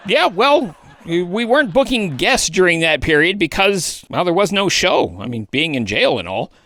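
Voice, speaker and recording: A woman's voice: fairly low pitch, sing-song, normal speed, a bit bright. A woman voicing an exasperated, sarcastic male bear who hosts a puppet late-night comedy show. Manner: sarcastic, exasperated, sighing asides. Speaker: host.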